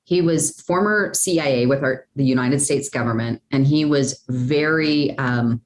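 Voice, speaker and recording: A woman guest in a podcast interview, telling a personal story in a lively, chatty way, often tossing in "like" and "right?". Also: rumbling low, unhurried, roomy sound, a little hiss or hum. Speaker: guest, speaker and sales coach.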